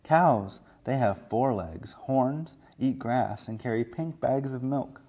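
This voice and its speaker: A man's voice: medium pitch, slow, warm tone. A man voicing a boastful storybook frog. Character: boastful young male frog, worldly storyteller.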